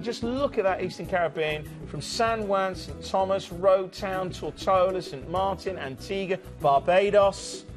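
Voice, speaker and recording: A man from Southwest England with a Southwest English accent, presenting cruises in chatty, jokey live TV sales patter. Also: sits high. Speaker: TV shopping channel cruise presenter. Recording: music bed under the voice.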